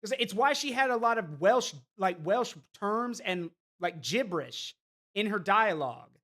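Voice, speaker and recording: Streamer, rambling chatty game commentary, opinionated, mid pitch. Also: animated, unhurried, a bit bright. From United States. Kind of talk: casual gameplay commentary.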